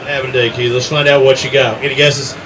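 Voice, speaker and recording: A man in his 60s emcees an outdoor fishing tournament weigh-in, teasing the anglers as he calls out names and weights. His medium-pitched voice is flat in delivery and a little fast. The background is noisy with crowd chatter.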